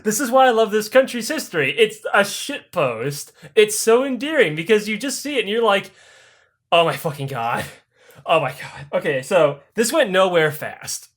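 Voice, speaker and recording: A man's voice: sits high, moderate pace, few pauses. A man hosting a podcast, telling history as comedy with crude jokes and lots of swearing. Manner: crude, animated, swearing freely. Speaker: podcast host.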